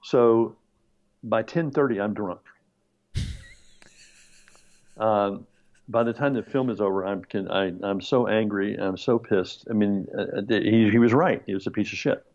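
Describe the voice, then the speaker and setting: On dull audio, a lowish-voiced man talks at a measured pace, leaving long pauses. He's a screenwriter guest in a conversational interview, spinning a long anecdote with lively storytelling, frequent laughter, and performed voices for the people he quotes.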